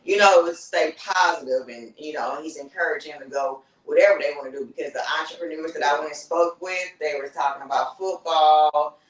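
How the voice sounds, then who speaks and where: A woman's voice: deep voice, fairly quick, hardly any pauses. Brief: female guest, easygoing and rambly, heard from a distance in an echoey room. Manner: relaxed, rambling, many fillers. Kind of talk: casual chat. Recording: roomy, off-mic distance.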